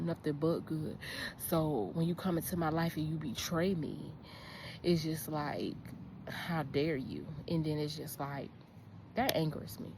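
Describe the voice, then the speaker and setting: Young woman, very low voice, rambling casual vlog talk on a phone in a park, clear background noise. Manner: rambling, repeats herself, drops to a whisper when people pass. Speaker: vlogger. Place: outdoors in a park.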